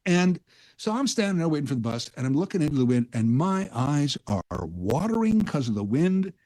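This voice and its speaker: Mellow-voiced man rambling on radio. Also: a little high, big pitch swings, fairly quick. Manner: rambling, self-aware storyteller. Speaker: guest radio host. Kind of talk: casual talk-radio monologue.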